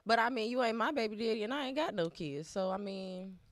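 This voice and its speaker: A woman chatting casually as co-host, with quick, sassy interjections. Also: a little high, no echo. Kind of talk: casual chat.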